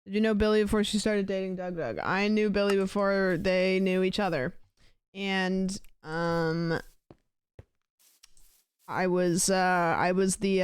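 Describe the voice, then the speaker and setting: A young woman streaming a game, reading chat questions in a croaky, sleepy-sounding, tired voice, rambling and sarcastic with plenty of swearing. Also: mid-range voice, little pitch movement, a little slow, dry recording. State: tired voice, talking quietly.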